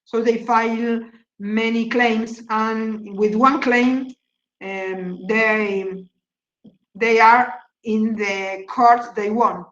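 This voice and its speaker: Slow, halting woman teaching online. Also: a little high, fairly even intonation, fairly bright tone. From Argentina. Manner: halting, repeats words while thinking. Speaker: English teacher. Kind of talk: online class, explaining vocabulary. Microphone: video call. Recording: echoey, dull call audio.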